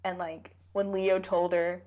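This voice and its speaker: A woman's voice: on the low side, unhurried. A young woman co-hosting a casual fan podcast, chatty and acting out scenes she describes. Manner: chatty, quotes scenes in animated voices. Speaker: podcast co-host.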